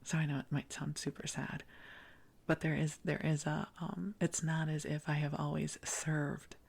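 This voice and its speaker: A middle-aged woman hosting a sleep podcast, rambling softly in a half-whisper and laughing at herself. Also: low-pitched, flat delivery, normal speed, gravelly, slightly rough. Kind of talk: soft bedtime rambling.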